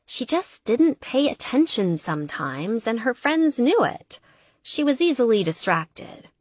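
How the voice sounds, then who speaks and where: A woman narrating an audiobook in a lively, expressive storytelling manner. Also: a little high, unhurried, no room sound, highs cut off.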